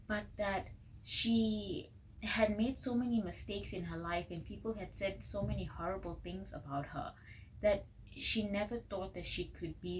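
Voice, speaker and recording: A young woman in a relaxed pick-a-card tarot reading, speaking earnestly at a middle pitch and now and then slipping into a whisper. She records on a phone mic, with a faint hiss under her voice. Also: rough recording. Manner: earnest, drifting into soft whispered asides. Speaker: tarot reader. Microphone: phone microphone.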